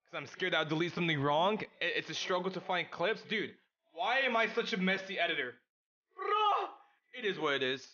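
A young man streaming a video game, chatting casually with his chat in an excitable, slangy way. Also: fairly high pitch, fast talker, highs cut off. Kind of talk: casual live-stream chat while gaming.

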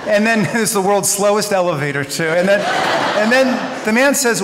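A man's voice: high voice, animated, normal speed, fairly bright tone. A man in his fifties giving a memorial tribute speech in a large synagogue hall, telling stories earnestly with wry humor. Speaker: eulogist. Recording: echoey hall with long reverb.

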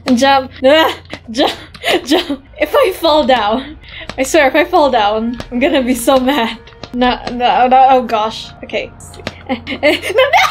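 A woman playing a game and commenting as she goes, giggling often and squealing when she slips. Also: sits high. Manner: giggly and excitable, laughs often. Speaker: gaming YouTuber. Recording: background game music.

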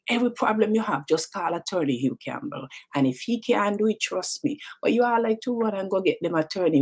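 A woman's voice: on the low side, mellow, slightly rough. A middle-aged woman with a Jamaican accent hosting a talk show, chatting and teasing in a casual monologue that mixes in patois and repeats words.

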